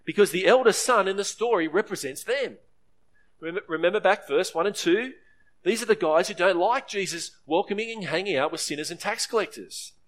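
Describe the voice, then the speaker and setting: A man delivers a sermon in an earnest, steady preaching voice. His pitch sits a little high for a man. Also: a little fast. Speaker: pastor.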